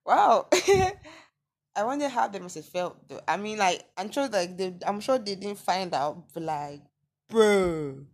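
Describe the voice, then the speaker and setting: Nigerian girl on her podcast, reading out listener stuff, super expressive, keeps going uh-uh and laughing. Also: mid-range voice, normal speed. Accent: Nigerian, Yoruba-inflected. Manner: animated, incredulous reactions with frequent laughter and exclamations. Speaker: podcast host. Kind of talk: casual solo podcast reading listener messages.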